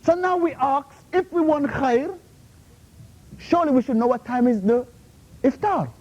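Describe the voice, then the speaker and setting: Man, very high voice, rapid-fire scolding rebuttal at a university talk; muffled recording. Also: expressive, a little mellow. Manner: confrontational, repeatedly demands "Huh? How?"; scolding, drops Arabic terms into English. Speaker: invited Islamic speaker. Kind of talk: heated Q&A rebuttal. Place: university lecture room.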